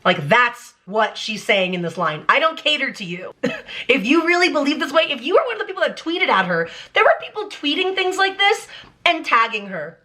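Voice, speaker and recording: A young adult woman talks through lyrics in casual vlog commentary, with a bright, lively timbre pitched a little high. She speaks emphatically and animatedly, with frequent "like" fillers. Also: moderate pace. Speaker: vlogger analyzing song lyrics.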